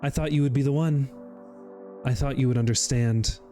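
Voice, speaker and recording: A man voicing a slow, seductive demon suitor. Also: mid-range voice, steady tone, mellow, faint music behind, lightly acted. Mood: menacing. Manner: slow, drawn-out, seductive menace. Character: ominous endless-loving demon suitor, grandiose.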